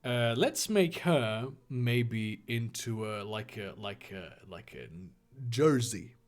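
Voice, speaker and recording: A man's voice: mid-range voice, expressive, slow pace. A man giving a comedic reading, full of profane, rambling asides. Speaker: comedic reader.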